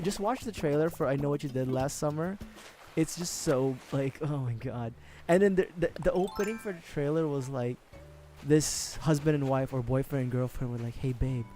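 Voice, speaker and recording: A man's voice: fairly high pitch, lively intonation, normal speed, a little mellow, soft background music. A young man streaming a game, chatting casually in a rambling way, swearing and laughing often. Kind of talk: casual livestream chat while gaming.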